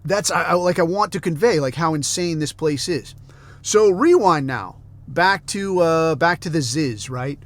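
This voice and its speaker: Middle-aged podcast guy, bit high voice, swears nonstop, rambling casual rant. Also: animated, measured pace. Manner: profane, rambling storytelling. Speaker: podcast host.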